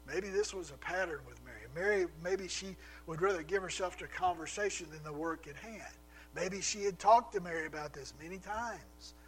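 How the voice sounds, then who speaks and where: A man's voice: fairly high pitch, fairly bright tone, rough recording. A man preaching a sermon, retelling a scripture story with rhetorical questions and acted-out quotes.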